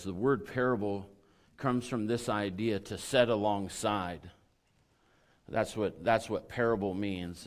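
A middle-aged man preaching a sermon with a hoarse, raspy voice, in a folksy, conversational way full of fillers. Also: fairly low pitch. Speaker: pastor.

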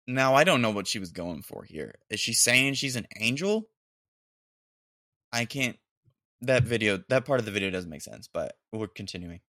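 Excitable, bright-voiced podcast host guy. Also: on the low side, moderate pace, no echo, clean studio sound. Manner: excitable, breaks into laughter, loose slangy talk. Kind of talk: casual reaction commentary.

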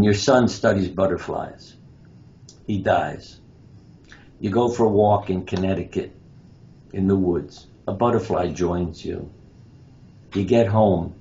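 A man's voice: deep voice, steady tone, takes it slowly, pauses often, mellow. A man who is a surgeon and author, telling stories as an interview guest and acting out the quoted lines. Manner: anecdotal, acts out quoted lines. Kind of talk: interview storytelling. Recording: dull lo-fi sound with faint noise.

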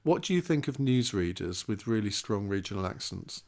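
A man's voice: lowish voice, sing-song, normal speed, darkish tone. A man co-hosting a casual podcast chat, wry and teasing in manner. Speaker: podcast co-host.

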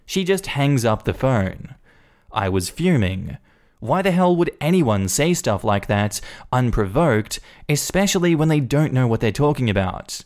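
A man reading a first-person Reddit story aloud in an animated, indignant storytelling manner. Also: medium pitch, measured pace. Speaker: story narrator.

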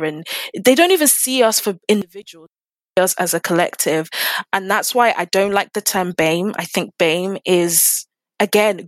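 A woman's voice: on the low side, no room sound. Impassioned woman firing rhetorical questions. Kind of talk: casual discussion.

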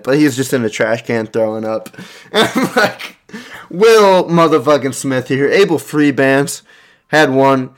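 A young man casually telling a rambling, profane personal story, with lots of restarts and chuckles. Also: medium pitch. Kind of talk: casual anecdote monologue.

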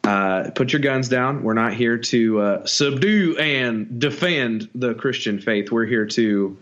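Man, podcast co-host, earnest, joking, mid pitch, dull lo-fi audio. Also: takes it slowly, a bit bright. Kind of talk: casual podcast chat.

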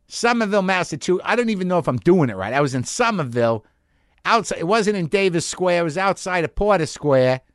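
A man in his forties with a fairly high voice hosts a podcast from his home garage studio, delivering a casual, rambling, profane monologue and questioning himself along the way. The recording is dry and studio-clean.

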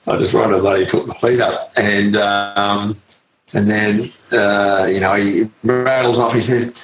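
Brief: middle-aged Australian ex-athlete, deep voice, rambling story, roomy sound with faint background noise. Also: male voice, fairly even intonation. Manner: halting, full of fillers and mild swearing. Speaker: interview guest, former pro cyclist. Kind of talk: casual anecdotal storytelling.

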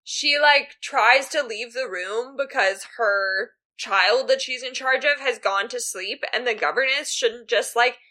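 On a laid-back book podcast, this woman co-host chats in an unhurried way with few pauses, leaning heavily on "like" and other fillers. Her voice is high-ish, bright and forceful.

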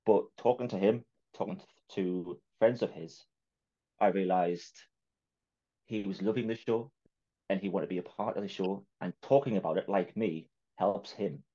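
A man's voice: sits low, moderate pace, dark tone, highs cut off. A man with a Geordie accent hosting a podcast, chatting casually, laughing often and acting out little quotes. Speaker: podcast host. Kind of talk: casual chat.

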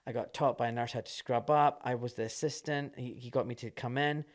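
A man, a surgeon guest telling a story in casual talk, animated and quick to laugh. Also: medium pitch.

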